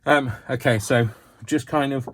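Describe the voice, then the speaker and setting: A man's voice: medium pitch, fairly even intonation, measured pace, a bit bright, a little hiss or hum. A man chatting his way through a hands-on craft tutorial at home, wandering off into self-mocking asides.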